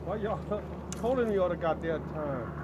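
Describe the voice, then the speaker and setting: A man's voice: sits high, animated, moderate pace, very noisy. A man, a father filming a fishing trip, joking and trash-talking with his child in casual banter. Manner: teasing, trash-talking, laughs a lot. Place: outdoors by a creek.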